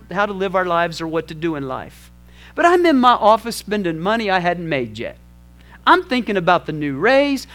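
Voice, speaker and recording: A male pastor with a high-pitched voice tells a personal story during a sermon. He is animated and poses rhetorical questions to the congregation.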